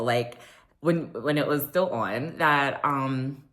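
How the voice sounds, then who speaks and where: Woman, low-pitched, casual recap chat, filler-heavy, chatty vlogger. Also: slow. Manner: chatty, many fillers, acts out quotes.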